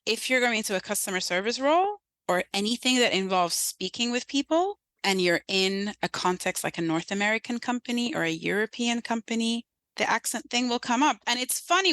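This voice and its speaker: A woman guest in a conversational interview, telling her story in an emphatic, animated way. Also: a little high, dry recording, rough recording. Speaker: podcast guest.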